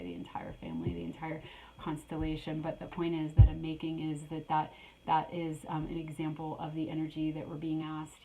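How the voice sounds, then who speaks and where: A middle-aged woman with a low, creaky voice gives a rambling spiritual tarot reading, repeating phrases and filling pauses. She sounds a little out of breath, and there is background noise.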